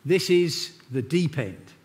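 Brief: calm, wry voice of God, put on by a male preacher, with a long hall echo. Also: fairly high pitch. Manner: calm, dry, unhurried. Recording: long church reverb.

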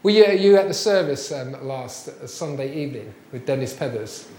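Preacher in an echoey room. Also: male voice, medium pitch, expressive, moderate pace, a little mellow, a little hiss or hum. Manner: conversational preaching with rhetorical questions. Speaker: pastor. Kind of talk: sermon.

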